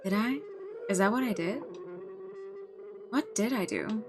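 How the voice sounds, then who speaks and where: A woman's voice: medium pitch, lively intonation, a little slow. A young woman streamer who reads a visual novel aloud, with rambling, stammering asides in between.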